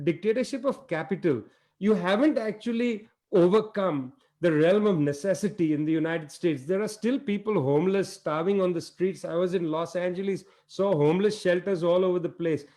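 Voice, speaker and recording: A man's voice: high-pitched, a little mellow. A man speaking as a panel guest on a video call, giving impassioned political commentary full of emphatic rhetorical questions.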